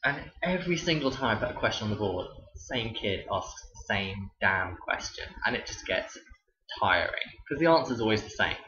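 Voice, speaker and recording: A man's voice: fairly low pitch, expressive, normal speed, pushed and bright. A young man, a teacher, telling stories casually to camera with a dry, sarcastic delivery. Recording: roomy, dull lo-fi sound.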